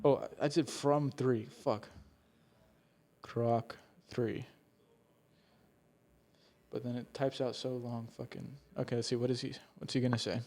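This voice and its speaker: A man's voice: mid-range voice, steady tone, a little slow, long pauses, a little mellow. A young man co-hosting a casual podcast chat, rambling and swearing often, with laughs slipping into his sentences. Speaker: podcast co-host.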